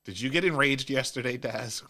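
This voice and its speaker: A man's voice: medium pitch, normal speed, pushed and bright. A man hosting a casual chat, telling long rambling stories and laughing at his own jokes. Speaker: show host. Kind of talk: casual storytelling.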